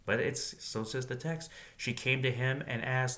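A man's voice: mid-range voice, steady tone, a little slow, few pauses, sharp tone. Musing man reading scripture aloud. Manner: musing, chuckles often, reads aloud then comments. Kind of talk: Bible reading with commentary.

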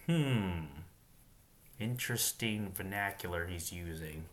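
A man's voice: lowish voice, normal speed, a bit bright. A man reading Bible passages aloud and stopping to muse on them, chuckling often as he comments.

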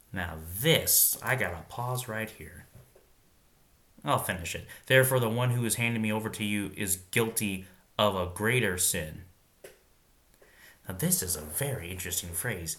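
A man with a deep voice reads a Bible passage and keeps pausing to wonder aloud about it. His tone is bright and forceful, and he moves between steady reading and loose, musing commentary. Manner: reads scripture aloud, then pauses to muse and wonder aloud.

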